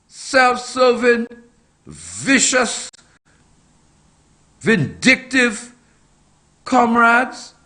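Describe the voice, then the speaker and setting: Middle-aged man, slow-spoken, fiery political commentator, very high lively voice. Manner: fiery, emphatic, repetitive rhetorical questions.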